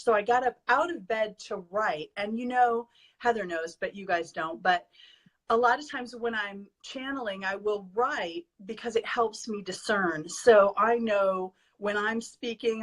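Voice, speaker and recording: A woman guest earnestly sharing a personal spiritual experience, emotional and sincere, at times reading from her notes. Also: a little high. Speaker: guest, spiritual advising student. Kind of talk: heartfelt personal sharing in an interview.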